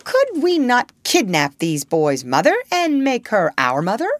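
A woman voicing an eager, simple-minded male pirate boatswain in a storybook reading, high and loud. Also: wildly swooping pitch, slow, slightly rough, dry recording, clean studio sound, exaggerated voice.

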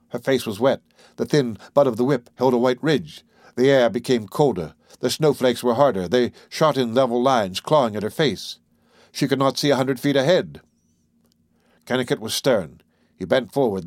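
A man narrating an audiobook in a measured, unhurried way. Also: mid-range voice, no room sound, clean studio sound.

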